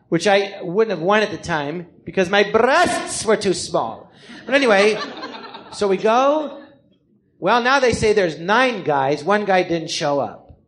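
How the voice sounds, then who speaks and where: Casting note: profane male stand-up storyteller, 50s, from California, high-pitched. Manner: animated, profane, acts out the people he quotes. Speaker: comedian telling his story. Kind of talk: live storytelling monologue. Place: live theater stage.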